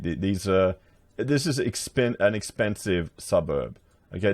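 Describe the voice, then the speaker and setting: Sarcastic low-voiced Australian man. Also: no room sound. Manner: chatty, sarcastic, addresses viewers as guys. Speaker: political commentator. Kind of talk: casual commentary while browsing listings.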